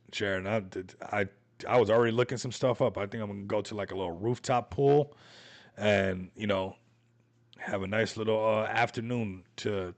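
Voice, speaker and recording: A man hosting a casual crypto livestream, rambling and hyped, with plenty of slang. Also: on the low side. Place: Las Vegas home.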